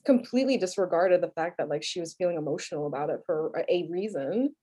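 Animated, laughing woman with a New York accent. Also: fairly low pitch, fast, husky. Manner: animated, laughing, swears freely. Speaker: podcast co-host. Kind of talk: casual film chat.

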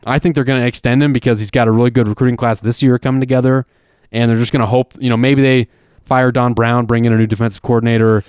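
A man's voice: medium pitch, little pitch movement, quick pace, a little mellow, smooth, no echo, clean studio sound. A man hosting a casual sports chat, rambling and emphatic, with frequent restarts.

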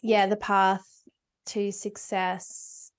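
A woman's voice: medium pitch, level tone, drawn-out words. A woman in her thirties co-hosting a podcast, thinking aloud with many fillers. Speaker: podcast co-host. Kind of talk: casual heartfelt conversation.

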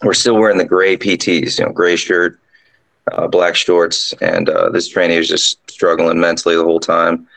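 A drill sergeant guest casually telling a ghost story, rambling along with lots of fillers. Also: male voice, sits low, flat delivery, moderate pace, fairly bright tone, rough recording.

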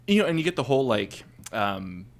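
Speaking briskly at a medium pitch with big swings up and down, a man co-hosts a podcast. It's a casual anime-episode chat, packed with filler words and restarted lines.

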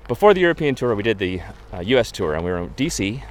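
A man with a deep, low-pitched voice tells a long story in a relaxed interview. He is a photographer describing the photo walks he leads, and he rambles with plenty of "um"s and restarts. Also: fast talker. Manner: rambling, chatty anecdotes with many fillers.

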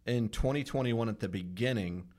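A man hosting a podcast, upbeat and chatty, reading out statistics in a measured way. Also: on the low side, a little mellow. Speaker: podcast host. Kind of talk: casual podcast conversation.

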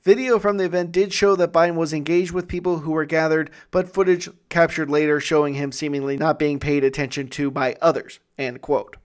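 A man's voice: a little high, steady tone, fairly quick, few pauses, smooth. Fired-up man hosting a news podcast. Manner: indignant, gets loud and exclaims when riled. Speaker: podcast host. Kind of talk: solo commentary podcast reading news articles.

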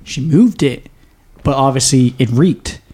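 A man's voice: mid-range voice, measured pace, a little mellow, husky. A young man hosting a podcast, telling a long story in a rambling, profane, casual way with frequent laughs. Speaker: podcast host. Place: small home studio.

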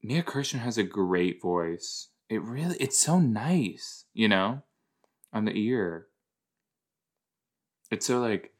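Guy with a lowish voice doing slow rambling reaction commentary, blurts out loud then mutters. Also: lively intonation. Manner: chatty, exclaims loudly then mumbles; talks to himself, quick jumps between soft and loud. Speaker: podcast host reacting to a TV episode. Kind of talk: casual watch-along commentary.

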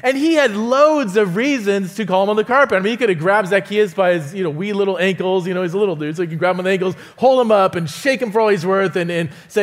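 A guest preacher delivers a sermon into a stage mic in a church auditorium, his voice pitched high for a man. He moves briskly through his stories with lively energy, acting out the quoted voices and chuckling often.

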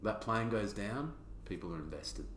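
A man's voice: lowish voice, animated, normal speed, a bit bright. A man co-hosting a podcast, teasing his mate with dry, joking banter. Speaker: podcast co-host. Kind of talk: casual chat. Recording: roomy room with faint noise.

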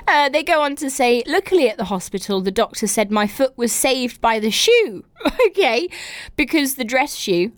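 A woman's voice: high voice, no room sound. A young woman from England hosting a casual podcast, reading out listeners' stories and reacting with exaggerated, giggly comments. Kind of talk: casual chat.

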